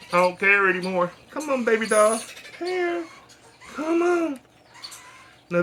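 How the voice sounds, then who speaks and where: A man's voice: bright, forceful tone, slight background noise. A man talking bluntly and casually while hand-feeding baby birds, cooing to them now and then. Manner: chatty and blunt, coos to the birds in a high voice. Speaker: bird breeder. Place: indoors with birds.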